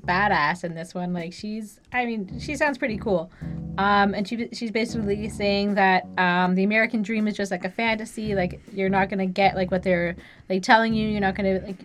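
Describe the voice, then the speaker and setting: A woman's voice: mid-range voice, fairly quick. Woman chatting with constant "like". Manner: filler-heavy, constant "like". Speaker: album review co-host. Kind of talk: casual review chat.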